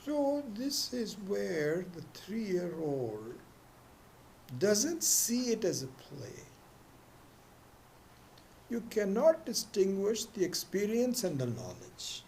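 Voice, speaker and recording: A man's voice: high voice, huge pitch swings, gravelly, darkish tone, slight background noise. A man teaching a scripture class, telling a story with many restarts and acting out its voices. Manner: storytelling, acts out quoted voices; halting restarts. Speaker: spiritual teacher.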